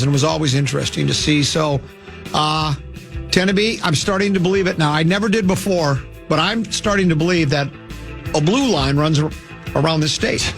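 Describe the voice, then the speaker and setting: A male sports radio host in casual banter, playful and theatrical, often slipping into quick put-on voices. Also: a little high, gravelly, a bit bright, faint music behind.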